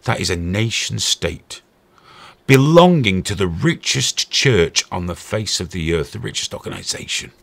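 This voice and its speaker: Gravelly man in a profane rant. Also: sits low, animated, unhurried. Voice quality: profane, sarcastic. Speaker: host. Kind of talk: angry ranting commentary.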